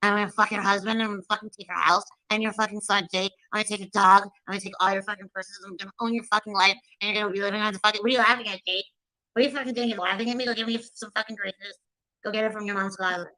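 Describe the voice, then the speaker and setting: A woman's voice: mid-range voice, steady tone, racing, pushed and bright, dry recording, natural voice, poor audio. A woman doing a mocking impression of a spiteful, foul-mouthed, bragging female streamer. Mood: taunting. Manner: crude, swearing constantly, taunting.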